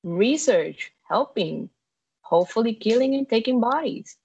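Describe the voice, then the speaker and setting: A woman's voice: a little high, animated, measured pace, vocal fry, a little mellow, husky. Sex: woman. Role: tabletop game player. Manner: matter-of-fact, dry teasing. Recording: dull, lo-fi. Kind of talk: casual game table chat. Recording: muffled lo-fi audio.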